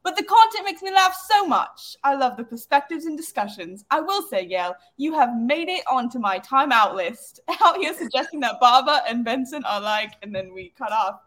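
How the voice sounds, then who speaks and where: A woman's voice: fairly high pitch, expressive, moderate pace, few pauses, pushed and bright. A woman reading a listener review aloud in a playful mock British accent. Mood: amused. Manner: exaggerated jokey British accent.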